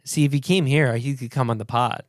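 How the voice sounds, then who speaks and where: A man co-hosting a podcast, telling stories in an animated way and laughing easily in casual chat. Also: medium pitch, brisk, no echo, clean studio sound. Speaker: podcast co-host.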